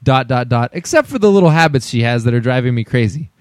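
Male podcast host, casual, middle-pitched, dry close mic, reads letters with a smirk. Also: expressive, quick pace, dry recording. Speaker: podcast host reading listener questions. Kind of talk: casual group banter.

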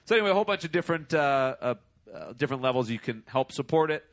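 Casual podcast host, slightly high voice. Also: male voice, animated, rapid-fire, a bit bright. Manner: loose, swearing, joking. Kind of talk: casual chat.

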